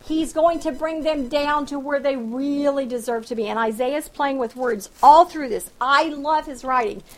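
A woman's voice: high-pitched, rough recording. A woman teaching the Bible verse by verse, reading passages with dramatic emphasis and explaining them in a conversational way with sarcastic asides. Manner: reads scripture aloud with dramatic emphasis, then explains it plainly.

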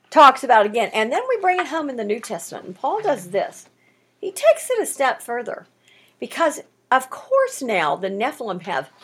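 A woman with a high voice leads a Bible study lesson. She reads scripture aloud and stops often to comment on it with strong emphasis. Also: husky.

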